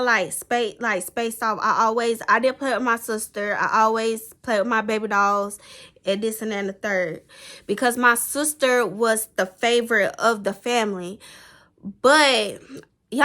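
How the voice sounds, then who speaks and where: A woman's voice: fairly high pitch, bright, forceful tone. A young woman talking to the camera in a rambling, heartfelt personal vlog. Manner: rambling, heartfelt, tearful at times. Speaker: vlogger.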